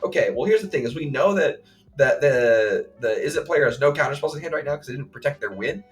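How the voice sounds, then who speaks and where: A man co-hosting a podcast, recounting a game play by play in casual chat, full of fillers and quick acted quotes. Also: medium pitch, animated, soft background music. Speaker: podcast co-host.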